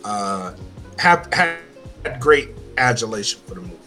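A man hosting a casual podcast, ranting loudly with heavy swearing. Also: on the low side, big pitch swings, a little slow, faint music behind. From Louisiana. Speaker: podcast host. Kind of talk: casual chat.

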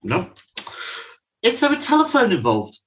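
A man's voice: high-pitched, huge pitch swings, a bit bright. Teasing man hosting a podcast. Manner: teasing, bossy, quick to mock. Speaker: podcast co-host. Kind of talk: casual chat reviewing songs.

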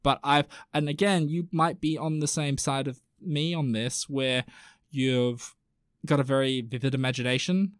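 A man's voice: mid-range voice, fairly even intonation, moderate pace, clean tone, no echo, clean studio sound. A man hosting a podcast in a rambling, chatty way, reading out listener messages. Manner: rambling and chatty, full of fillers and asides. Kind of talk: casual chat.

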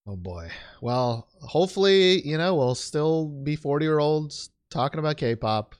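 A man's voice: on the high side, lively intonation, unhurried, clean tone. A young man hosting a casual podcast, rambling and joking at himself with plenty of fillers. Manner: rambling, self-deprecating, with frequent fillers and restarts. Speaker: podcast host. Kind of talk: casual chat.

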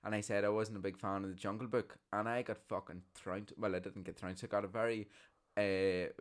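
A man's voice: fairly low pitch, flat delivery, a little fast. A man co-hosting a podcast, chatting casually with swearing and joking asides. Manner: banter with jokey put-on voices and swearing. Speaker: podcast co-host. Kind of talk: casual chat.

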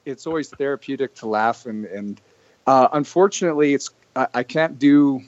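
A man's voice: mid-range voice, moderate pace, darkish tone, dry recording. A young man from Canada, a podcast guest telling stories casually, rambling with restarts. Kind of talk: casual storytelling. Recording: dry muffled lo-fi audio.

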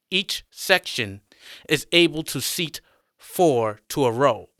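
A man narrating a scripted audio drama in a slow, measured, matter-of-fact way. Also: mid-range voice, sharp tone, dry recording, studio quality.

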